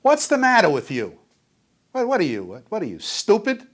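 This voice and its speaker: A man voicing an angry, stern father who loudly berates his son. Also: high voice, huge pitch swings, normal speed, voice pushed up, full character voice. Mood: angry berating. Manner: loud, scornful, berating.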